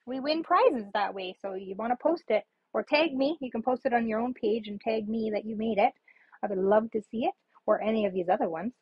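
Her voice is fairly high and slightly rough as she casually walks viewers through her handmade paper cards on a live stream. She's talkative and wandering, drops plenty of ums, and laughs at her own expense, captured in a dry recording missing its highs.

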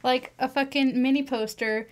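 A woman's voice: high voice, steady tone, moderate pace. Chatty woman with a Wisconsin-Southern accent. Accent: mixed Wisconsin and Southern US. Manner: chatty, laughs often, filler-heavy. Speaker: radio show host. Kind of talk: casual radio chat.

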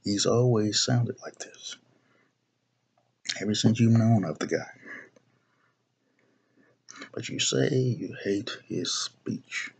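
A man's voice: on the low side, slow pace, gravelly, long pauses, a little hiss or hum. A young man ranting to camera, blunt and profane, often circling back and restarting his phrases. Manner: repeats himself, restarts phrases. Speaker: video blogger. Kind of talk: political rant to camera.

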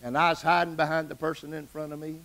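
A middle-aged man preaching a sermon as pastor, telling his own testimony and rising to excited outbursts. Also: on the high side, fast.

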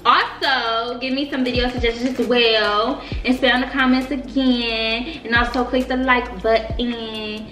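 A woman hosting her vlog who teases her twin during a mukbang chat and wraps up with a relaxed outro to her viewers. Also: on the high side, unhurried, hardly any pauses, distant mic, soft background music. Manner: teasing, relaxed, hypes the audience. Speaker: vlog host. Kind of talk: casual chat and channel outro. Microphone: vlog camera. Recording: echoey room, away from the mic.

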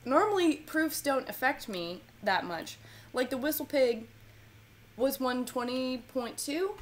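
A woman's voice: sits high, expressive, unhurried. A woman co-hosting a live whiskey tasting stream, chatty and rambling. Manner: chatty, rambling, upbeat with laughs. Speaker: co-host. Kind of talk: casual live tasting chat. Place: home in Kentucky.

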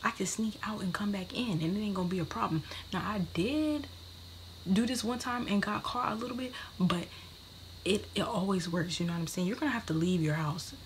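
A woman's voice: mid-range voice, fairly quick, a little hiss or hum. Brash, profane young woman vlogger. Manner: brash, profane, slips into whispers. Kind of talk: casual advice vlog.

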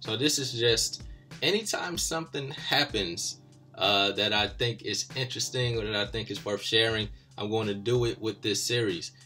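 A young man hosting his own automotive channel, casually telling a story about a mechanic and getting animated as he retells the argument. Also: lowish voice, moderate pace, soft background music.

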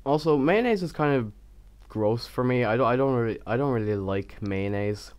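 A man's voice: medium pitch, expressive, moderate pace, darkish tone. A young man rambling casually as he voices over his game time lapse, stuttering and poking fun at himself. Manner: rambling, stuttering, self-mocking. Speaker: Minecraft YouTuber.

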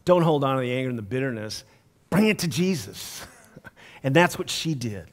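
A male pastor giving a conversational storytelling sermon, laughing often and dropping soft for emphasis. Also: medium pitch, lively intonation, normal speed. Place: church sanctuary. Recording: long church hall reverb.

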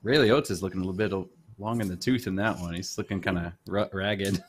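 A man hosting a casual podcast chat, talkative and quick to laugh. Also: sits low, slight background noise. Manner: chatty, laughs often, animated. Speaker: podcast host.

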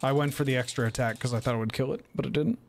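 A man streaming a video game, chatting in a jokey, animated way and telling stories. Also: medium pitch, very fast, creaky, noisy background. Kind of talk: casual gaming stream banter.

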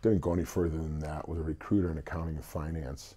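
Deep, husky man. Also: fast talker. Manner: animated storyteller, acts out quotes. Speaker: singer, interview guest. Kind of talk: casual storytelling interview.

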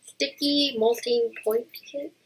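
A woman's voice: on the high side, steady tone, slow, a little hiss or hum, rough recording. A woman making short casual comments during an unboxing. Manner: short chiming comments, laughing along. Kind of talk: casual chat.

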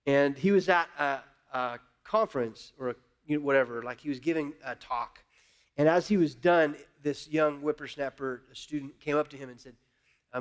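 A man's voice: a little high, moderate pace. A male pastor preaching a sermon, candid and impassioned, often repeating words as he builds.

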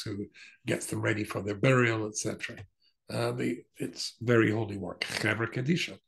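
Older English rabbi with gravelly voice. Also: male voice, fairly low pitch. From England. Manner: rambling, with many fillers and restarts. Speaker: rabbi giving a talk. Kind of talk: storytelling talk.

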